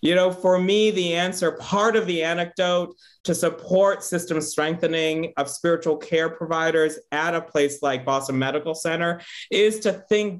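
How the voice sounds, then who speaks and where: Earnest man asking searching questions. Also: a little high. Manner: earnest, searching, many "right?" tags. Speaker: host. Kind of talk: reflective conversational interview.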